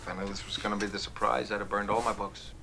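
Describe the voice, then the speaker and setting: A weary, sardonic captive novelist. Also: male voice, level tone, quick pace, gravelly, pushed and bright, reverberant. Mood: dry. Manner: dry, sardonic, low-key. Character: weary, injured male novelist held captive. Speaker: film character, a captive novelist. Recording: faint, noisy film playback from afar.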